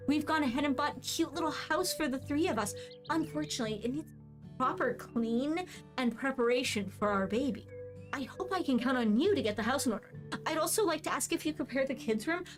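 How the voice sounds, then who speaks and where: A woman reading out a game email as an excited young expectant father, and he comes out sounding like a valley girl. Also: sits high, a little fast, music in the background. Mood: eager. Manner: reads an in-game email aloud in a light voice.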